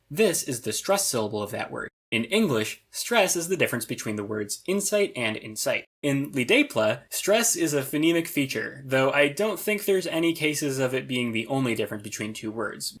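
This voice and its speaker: Lively, husky-voiced man reviewing a conlang. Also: medium pitch. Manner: dry, analytical, wry asides. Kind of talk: scripted review narration.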